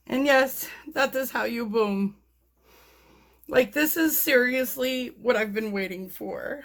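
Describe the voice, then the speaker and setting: An excitable woman walks viewers through her paint pour in a relaxed vlog. She speaks slowly and chats with the audience, laughing often. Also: high voice. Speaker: paint pouring artist. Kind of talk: casual tutorial vlog.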